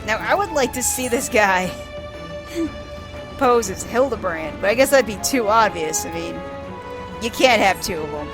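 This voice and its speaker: A woman's voice: mid-range voice, lively intonation, moderate pace, long pauses. A woman casually describing a game's scenes aloud for blind viewers, chatty and descriptive with amused asides. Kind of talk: casual descriptive gameplay commentary. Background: faint game music.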